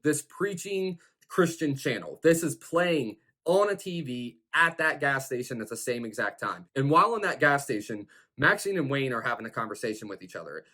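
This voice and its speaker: A man's voice: mid-range voice, lively intonation, normal speed, pushed and bright. A man hosting a horror film review, recapping the plot in a casual, rambling way full of fillers like "like" and "you know".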